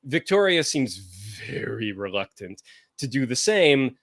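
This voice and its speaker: A man's voice: medium pitch, sing-song, measured pace, a bit bright, no echo, clean studio sound. A man hosting a casual podcast chat, talking in a rambling way and searching for words with many fillers. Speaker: podcast host pairing wines.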